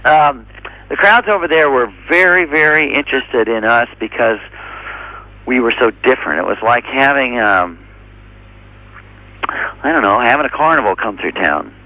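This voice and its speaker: A man being interviewed as a drummer, speaking in an easygoing, halting way with lots of fillers. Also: medium pitch, pushed and bright, poor audio. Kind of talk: casual interview answers.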